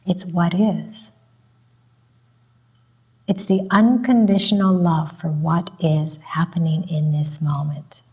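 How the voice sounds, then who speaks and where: A woman speaks slowly and calmly, with a low, husky voice, as a meditation teacher guiding a student. The recording sounds dull and lo-fi. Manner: calm, unhurried, gently explaining. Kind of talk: spiritual teaching dialogue.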